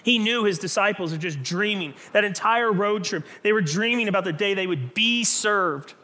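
A pastor preaching a sermon in an animated, conversational storytelling manner, often restarting his phrases. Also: high voice, moderate pace.

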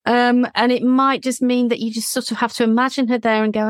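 A woman, hosting a gentle therapeutic conversation in a calm, reassuring, deliberate way. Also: fairly high pitch, no echo, clean studio sound. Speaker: healing practitioner, podcast host.

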